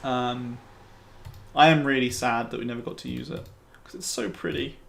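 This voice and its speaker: A man's voice: medium pitch, fairly even intonation, moderate pace, vocal fry, a little hiss or hum. A man giving casual live-stream commentary on a game he helped make, rambling and offhand, with the odd swear word. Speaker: game developer commenting on his mod. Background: faint game music.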